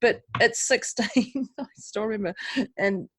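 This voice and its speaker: Frank, animated woman co-hosting a podcast. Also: on the high side, unhurried. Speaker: podcast co-host. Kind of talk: casual chat.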